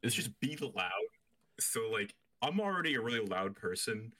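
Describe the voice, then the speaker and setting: A man's voice: on the low side, big pitch swings, moderate pace, pushed and bright. A young man co-hosting a casual podcast, rambling with frequent restarts and fillers. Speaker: podcast co-host.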